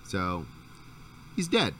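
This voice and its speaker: A man's voice: deep voice, wildly swooping pitch, very slow, a bit bright, far from the mic, slight background noise. A man hosting a podcast, telling a rambling, profane story in a casual chat. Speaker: podcast host.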